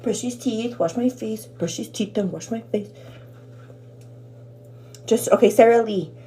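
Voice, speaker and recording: A woman's voice: a little high, unhurried, dark tone, slight background noise. A woman in her thirties hosting a get-ready-with-me live stream, chatting to her viewers, calling them "girl" and thanking them by name as she gets ready at home. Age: 30s. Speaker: livestream host.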